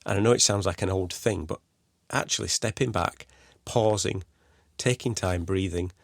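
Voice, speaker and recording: Male podcast host, low gravelly voice, dry close sound, chatty and rambling. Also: normal speed, no room sound. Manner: conversational, rambling with restarts and "you know". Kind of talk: solo podcast advice talk.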